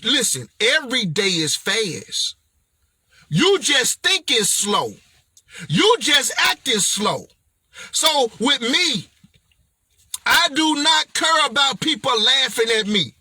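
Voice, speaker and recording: A man's voice: very high-pitched, sing-song, takes it slowly, pushed and bright, breathy edge, no room sound. A man giving an emphatic, slangy motivational vlog talk as a speaker and author, playful and preachy.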